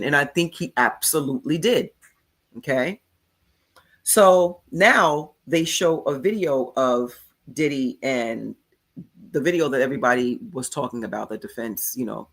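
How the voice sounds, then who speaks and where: A woman's voice: extremely low pitch, a little slow. A woman hosting a casual commentary show, recapping events in a chatty way and often checking in with her viewers. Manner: chatty, recounts quotes, frequent "okay?" checks. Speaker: commentary channel host. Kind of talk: casual live commentary on a court case.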